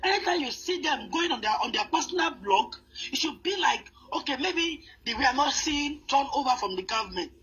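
A woman's voice: high-pitched, lively intonation, moderate pace, few pauses, fairly bright tone, low-quality recording. A woman hosting a commentary show, speaking earnestly with many restarts and fillers. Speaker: host. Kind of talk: commentary on celebrity news.

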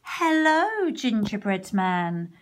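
A woman voicing a sly, smirking male fox who talks in a smooth, coaxing way. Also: medium pitch, big pitch swings, slow pace.

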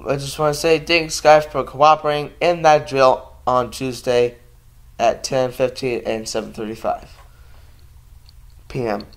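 Slow, rambling young man vlogging. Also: medium pitch. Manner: rambling, meandering, full of ums and restarts; sleepy, yawning. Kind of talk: casual vlog chat.

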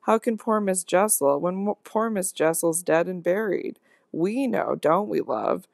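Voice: mid-range voice, moderate pace, vocal fry, dry recording, clean studio sound, voice pushed up, close to an everyday voice. A reader voicing a fretful, kindly older woman housekeeper who coaxes and soothes a child in homely, ungrammatical speech. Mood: anxious coaxing. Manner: soothing, pleading, country grammar.

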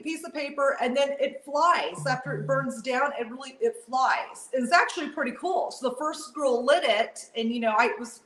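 Animated woman telling a story on a call. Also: fairly high pitch. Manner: animated, laughing, acts out quotes. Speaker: guest on a live video chat. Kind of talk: casual storytelling. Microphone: video call. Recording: echoey room on a video call.

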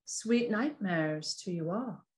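A woman's voice: fairly low pitch, expressive, takes it slowly, darkish tone, a little hiss or hum. A woman playing a ghoulish stage hostess who relishes gloomy puns, in a stage reading. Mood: gleefully grim. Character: ghoulish theatrical hostess, gleefully macabre woman. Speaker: host of the evening.

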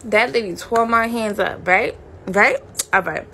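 Woman vlogger, mid pitch, gravelly, chatty storyteller talking to camera. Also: unhurried, a little hiss or hum. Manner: animated, chatty, addresses viewers directly. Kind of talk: casual storytelling.

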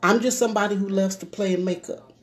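A woman's voice: mid-range voice, steady tone, fast. A woman chatting casually with viewers on a live makeup stream, folksy, and she keeps calling out to her audience. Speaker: beauty livestreamer.

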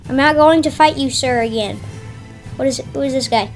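A woman's voice: high voice, brisk, faint music behind. A woman giving casual, chatty commentary on her own gameplay, talking to herself and yelping when surprised. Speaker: gameplay streamer.

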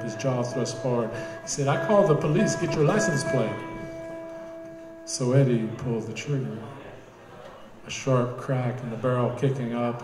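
A male author narrating his fiction at a live reading, steady and measured. A guitarist plays along, and the cafe room adds a noticeable echo. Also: medium pitch. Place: bookstore cafe.

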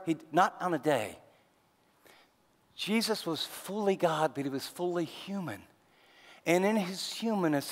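Animated, high-voiced male preacher in a hall. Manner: animated preaching with rhetorical question lists. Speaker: pastor. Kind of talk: sermon.

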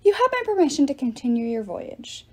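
Storybook god: woman voicing a smug, offhand male wine god, mellow and breathy. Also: sits high, big pitch swings, brisk.

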